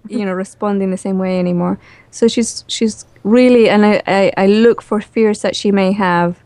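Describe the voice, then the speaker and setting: A woman guest in a relaxed, chatty interview who laughs easily and uses lots of fillers. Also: medium pitch, moderate pace. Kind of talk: casual spoken interview.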